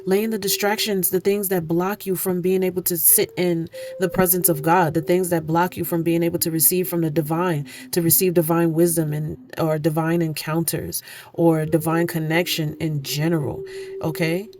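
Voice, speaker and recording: A woman with a fairly low voice reads spiritual cards aloud in an earnest, preaching way, circling back to the same phrases again and again. She talks at a table indoors, and a steady hiss of noise sits under her voice the whole time. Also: normal speed. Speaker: spiritual card reader. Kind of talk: oracle card reading. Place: indoor room, candles lit.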